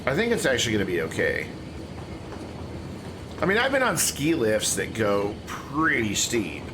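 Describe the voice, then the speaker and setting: A man's voice: on the low side, very animated, normal speed, background noise. A man giving casual, chatty live-stream commentary while playing a game, talking to himself and to his chat. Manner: talking with mouth full.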